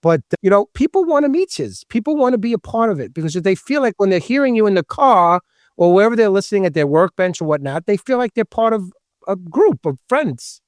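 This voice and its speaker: A man with a Long Island New York accent and a loud, distinctive voice, joking and chatting as a podcast host. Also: high voice, a little fast, no echo, clean studio sound. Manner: animated, joking, talkative. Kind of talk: casual podcast chat.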